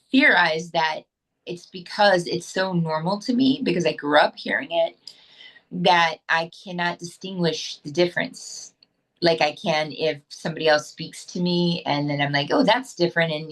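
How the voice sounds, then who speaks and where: A woman from the United States talks through an interview in a fairly low voice, candid and rambling, with plenty of fillers and restarts. She sounds like she's on a video call. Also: fairly bright tone, poor audio. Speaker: actress, interview guest. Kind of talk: casual interview chat.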